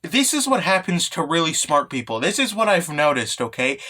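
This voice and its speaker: A man giving a casual comic recap, excitable and rambling, swearing with lots of fillers. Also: on the high side, fairly quick, hardly any pauses. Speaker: manga recap vlogger.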